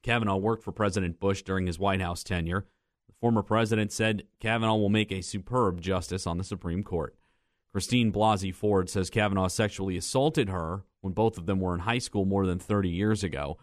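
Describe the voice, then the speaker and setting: Brisk male radio newsreader, dry studio sound. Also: low voice, no echo. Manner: brisk, even newsreader delivery. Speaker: news reader. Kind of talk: radio news reading. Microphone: studio microphone.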